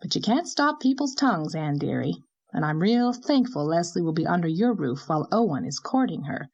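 A woman voicing an outspoken older village woman who talks in a brisk, tart, opinionated way. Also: on the low side, sing-song, a little mellow, highs cut off.

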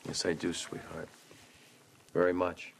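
Sitcom dad, gentle, patient, lower voice, noisy tv audio. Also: male voice, monotone, a little slow, vocal fry, heavily acted. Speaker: father in a sitcom. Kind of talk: sitcom acting.

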